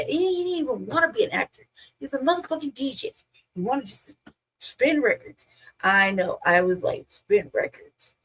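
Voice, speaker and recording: A woman's voice: high voice, breathy edge, rough recording. A woman co-hosting a show, ranting bluntly and with heavy swearing in casual chat. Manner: blunt, profane, animated ranting. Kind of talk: casual reaction commentary.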